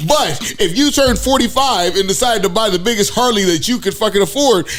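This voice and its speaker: A man's voice: sits high, brisk, a bit bright. Crude joking podcast man, noisy recording. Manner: joking, crude, laughing asides. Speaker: podcast co-host. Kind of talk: profane casual banter.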